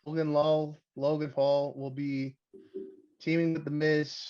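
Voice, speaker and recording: A man's voice: on the high side, measured pace, clear, resonant tone, dull audio. A young man from Canada hosting a wrestling podcast, rambling and swearing in casual chat. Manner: rambling, crude, excitable. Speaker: podcast host.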